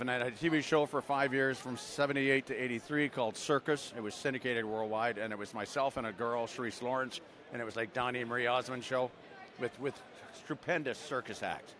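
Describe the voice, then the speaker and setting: A man's voice: medium pitch, fairly bright tone. Older Canadian man rambling through stories. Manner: rambling anecdotes with many fillers and restarts. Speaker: voice actor guest. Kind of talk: casual storytelling interview. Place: outdoors at a busy convention.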